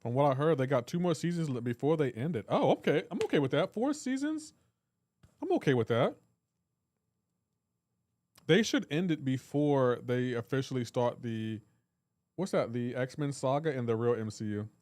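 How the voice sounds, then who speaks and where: A male game streamer talking casually with his live chat, quick to joke and tease. His voice sits in a middle range and comes through a dry, close microphone. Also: medium pitch, expressive, darkish tone, dry recording. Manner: joking, reads and answers chat aloud.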